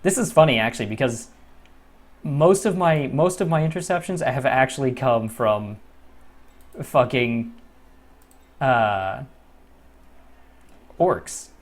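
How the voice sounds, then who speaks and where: A man giving casual let's-play commentary as a gaming channel host, swearing freely and moving from low muttering to frustrated outbursts. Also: takes it slowly, long pauses.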